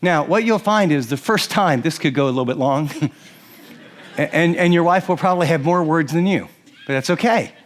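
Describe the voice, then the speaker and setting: A middle-aged man preaching on marriage, lively and laughing often as he acts out what husbands and wives might say. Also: a little high, moderate pace. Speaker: pastor. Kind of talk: sermon on marriage to a live audience.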